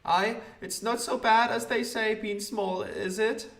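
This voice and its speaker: A cheerful small newsboy hawks his papers in a sing-song street cry. The voice is pushed very high and squeaky for a game character, and it rings with a roomy echo. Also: fairly even intonation, a little slow, a bit bright, far from the mic. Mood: chirpy.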